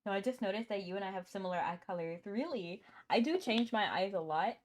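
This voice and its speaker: A chatty woman streams a game and talks casually with her viewers, laughing often and stopping now and then to cough. Her voice sits at an ordinary middle pitch. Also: animated, fast, a little hiss or hum. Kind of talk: casual live-stream chat.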